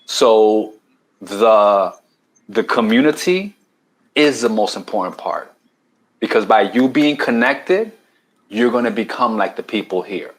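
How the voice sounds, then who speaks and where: Animated yet unhurried, a man with a lowish voice and a New York accent talks on a low-quality recording. He's a keto challenge coach guesting on a casual podcast, going into long explanations, restarting words and frequently checking in with "right?"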